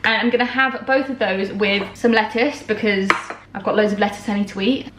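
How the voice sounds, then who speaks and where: A woman's voice: mid-range voice, brisk, noisy background. Young woman chatting away, self-mocking, echoey kitchen with pots clanking. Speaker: vlogger. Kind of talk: casual chat. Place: home kitchen.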